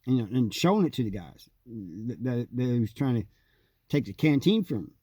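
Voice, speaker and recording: A man host telling a long personal story in a casual, rambling way, with frequent pauses and fillers. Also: medium pitch, lively intonation, mellow, slightly rough, no echo. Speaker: host telling prison stories.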